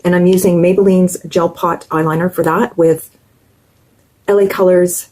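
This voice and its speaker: Husky-voiced woman chatting through a makeup tutorial. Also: fairly low pitch, fairly even intonation, moderate pace, a little mellow, poor audio. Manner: chatty, enthusiastic, talks to viewers directly. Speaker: beauty vlogger. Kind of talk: casual makeup tutorial chat.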